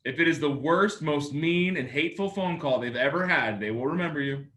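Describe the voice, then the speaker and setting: Guy coaching a sales class, bright forceful voice, joking and acting out calls. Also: a little high, a little fast. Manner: lively, acts out phone calls in other voices.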